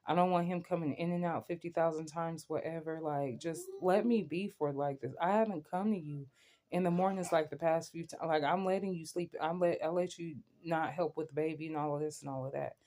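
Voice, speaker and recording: A woman's voice: low-pitched, steady tone, fairly quick, mellow, slight background noise. A young adult woman venting to camera in a rambling, emphatic way, often checking in with the listener. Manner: emphatic, rambling, keeps asking "you know what I'm saying". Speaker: vlogger.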